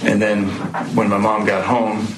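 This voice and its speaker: A man testifying as a witness in court, speaking haltingly with many pauses and fillers. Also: lowish voice, level tone. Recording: echoey noisy courtroom audio.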